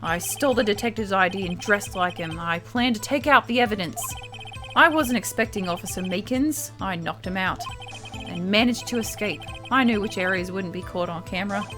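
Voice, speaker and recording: A stubborn, weary male cop, voiced by an Australian woman reading game text in a grim, deliberate way. Game music plays clearly behind. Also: medium pitch, close to an everyday voice. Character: male police officer confessing, weary and stubborn.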